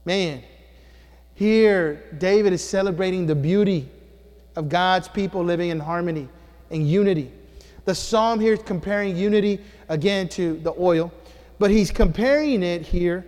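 A man preaching to his congregation in a church, his voice sitting high for a man. He swings between booming and hushed. The sound rings out with the long echo of the hall. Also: a little slow, long pauses. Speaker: pastor. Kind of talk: sermon. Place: church sanctuary.

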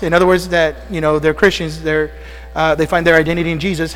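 Breathless preaching pastor in a reverberant church. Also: male voice, a little high, fairly even intonation, quick pace, a bit bright. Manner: call-and-response preaching with frequent amens and questions. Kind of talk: sermon. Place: church sanctuary. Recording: long church reverb with mains hum.

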